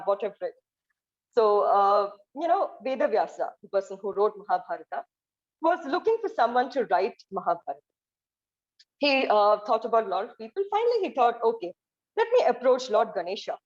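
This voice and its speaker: A woman's voice: on the high side, a little mellow, lo-fi sound. A woman giving a motivational speech as a guest speaker, earnest, with rhetorical questions and frequent "you know" fillers.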